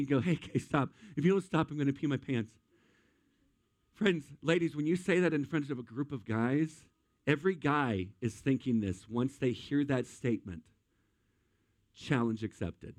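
A man preaching to a crowd, quick to joke and to act out little scenes in borrowed voices. His voice sits a little high for a man and sounds close and dry, with almost no room sound. He keeps throwing questions at the audience. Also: dry recording. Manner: animated, acts out voices and asks the crowd questions. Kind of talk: humorous sermon.

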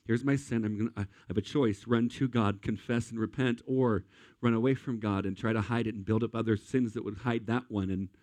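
A man preaching a sermon at a church service in an energetic, conversational way, talking straight to the congregation. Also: fairly low pitch, a little fast, no room sound, clean studio sound. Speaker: pastor.

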